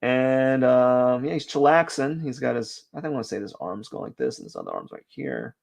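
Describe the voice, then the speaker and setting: A man's voice: medium pitch, big pitch swings, fairly quick, gravelly. A young man chatting casually on a drawing live stream, rambling with lots of fillers and restarts. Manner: rambling, self-deprecating, many fillers and restarts.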